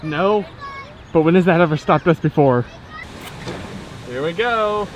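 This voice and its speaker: A woman's voice: lowish voice, expressive, unhurried. A young woman hosting a casual vlog, playful and teasing as she commentates from a small boat on a lake. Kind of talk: casual outdoor chat. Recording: outdoor noise from wind and boat.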